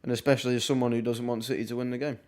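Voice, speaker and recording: A man's voice: mid-range voice, little pitch movement, darkish tone. Chatty young Englishman reacting to football. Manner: chatty, wry asides and quick reactions. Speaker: watchalong streamer. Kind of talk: casual live football commentary.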